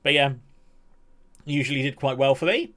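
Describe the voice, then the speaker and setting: A young man talks through a live game stream in a loose, chatty way. He laughs a lot and slips into mock-outraged rants. His voice sits at a middle pitch for a man. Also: normal speed, a bit bright. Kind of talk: casual live-stream commentary.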